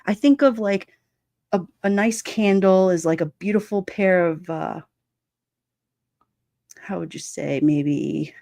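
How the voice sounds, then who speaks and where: A woman with kids hosts a livestream, chatting informally, reading viewer comments aloud, laughing often and switching into quoted voices. Her voice is fairly low, dark and creaky, and she takes her time with frequent pauses. The recording is dry and clean, studio quality.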